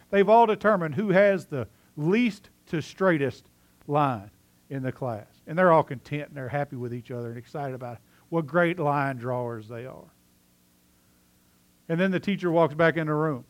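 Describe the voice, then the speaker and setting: Preacher telling a story. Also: male voice, on the high side. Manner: storytelling, swings from loud animated telling to quiet earnest asides. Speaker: pastor. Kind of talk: sermon.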